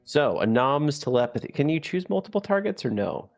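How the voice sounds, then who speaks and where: A man narrating as game master of a tabletop game, animated and quick to laugh. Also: a little high, vocal fry, soft background music.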